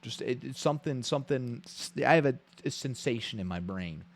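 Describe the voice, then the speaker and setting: A man's voice: mid-range voice, animated, a little fast, no room sound. Profane, rambling male streamer. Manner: blunt, profane, rambling rant with frequent restarts. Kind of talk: live stream reaction commentary.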